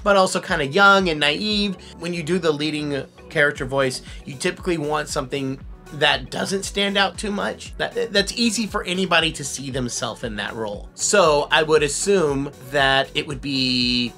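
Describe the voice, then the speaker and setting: A man, a voice impressionist, hosting a playful guessing game, animated and quick to laugh. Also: fairly high pitch, soft background music. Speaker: voice impressionist, host.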